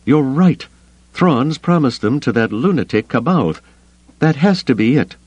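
Audiobook: male reader doing a sarcastic, high-strung woman smuggler, raised pitch, dry booth sound. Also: animated, unhurried, darkish tone, slightly rough, dry recording. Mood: urgent, tense. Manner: clipped, urgent, sarcastic. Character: tense sharp-tongued female smuggler. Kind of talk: audiobook character voice.

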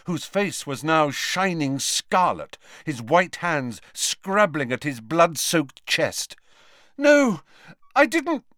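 A man's voice: mid-range voice, a bit bright, no echo, studio quality. A man narrating a novel as an audiobook, with dramatic storytelling. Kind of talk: scripted narration.

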